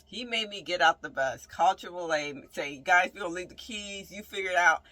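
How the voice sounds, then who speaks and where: A nurse who lives in her bus vlogs a casual storytime about a breakdown, her fairly low voice moving fairly quickly with animated, emphatic delivery and frequent "right?" asides. She swings dramatically between loud outbursts and quiet mutters. The low-quality recording has no room sound.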